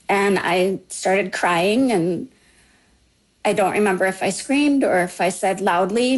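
Slow, heartfelt woman storyteller. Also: mid-range voice, poor audio. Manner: slow, halting, heartfelt telling. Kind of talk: personal story told to a podcast.

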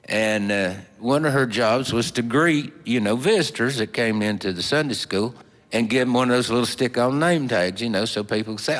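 A man telling a folksy story in a slow, drawling, homespun way with plenty of fillers. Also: mid-range voice, fairly bright tone. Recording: long hall reverb.

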